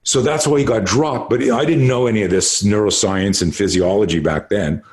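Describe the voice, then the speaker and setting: A man in his late fifties, a martial arts instructor telling stories as a podcast guest in an animated, emphatic way, with plenty of swearing. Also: on the low side, moderate pace. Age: late 50s. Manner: animated, emphatic storyteller who swears freely. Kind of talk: casual storytelling interview.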